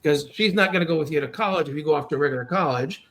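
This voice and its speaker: Guy hosting a podcast, talks fast n explains a lot, kinda high voice, encouraging. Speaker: podcast host and reading instructor. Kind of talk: conversational coaching.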